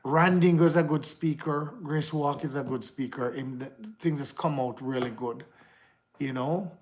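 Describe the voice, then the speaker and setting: A man's voice: a little high, normal speed. A man with a Jamaican accent chatting casually to viewers on his livestream, rambling and slipping into patois. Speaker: livestream host. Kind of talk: casual live chat to viewers.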